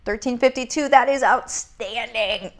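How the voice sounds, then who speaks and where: A woman's voice: fairly high pitch, unhurried. Upbeat woman hosting a livestream. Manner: upbeat, greets viewers by name, talks to her dog. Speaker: business coach hosting a livestream. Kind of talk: casual livestream chat reading comments. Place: home.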